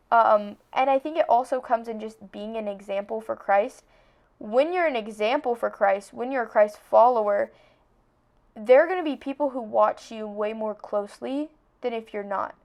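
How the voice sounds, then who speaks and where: Young woman, podcast host, slightly high voice, earnest and chatty faith talk. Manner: chatty, earnest, heavy use of "like".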